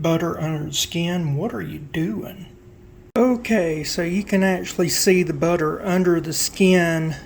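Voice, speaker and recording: A man with a Southern US accent, casually explaining a cook as he works, folksy and relaxed. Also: on the high side, a little hiss or hum. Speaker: cooking vlogger. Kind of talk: casual cooking demonstration.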